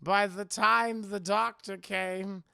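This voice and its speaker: A man voicing a sinister older male recluse who speaks in a low, slow, drawn-out way. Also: fairly even intonation, creaky, bright, forceful tone, clean tone, dry recording, studio quality, exaggerated voice. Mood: mocking.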